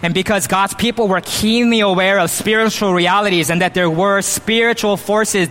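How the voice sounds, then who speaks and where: A man preaching a sermon as pastor, emphatic, at times mimicking boastful speech. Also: pushed and bright. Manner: emphatic, acts out quoted boasts with raised pitch. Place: church. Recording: long reverb of a church hall.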